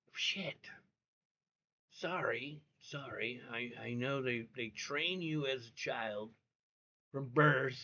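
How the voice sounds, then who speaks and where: A man's voice: medium pitch, a bit bright, dull audio. A man ranting live on a stream, blunt, heated and profane. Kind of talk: live reaction rant.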